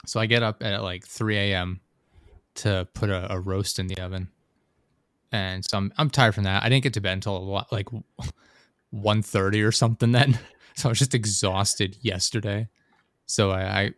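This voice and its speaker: A man's voice: fairly low pitch, a bit bright, no room sound, studio quality. A young adult man chatting casually on a podcast, telling a rambling story full of fillers and the odd swear word. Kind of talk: casual chat.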